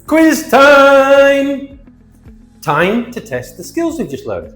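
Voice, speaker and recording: A man teaching an English grammar lesson, with a clear and emphatic delivery. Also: a little high, wildly swooping pitch, normal speed, a bit bright, big-room sound, faint music behind. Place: hot location.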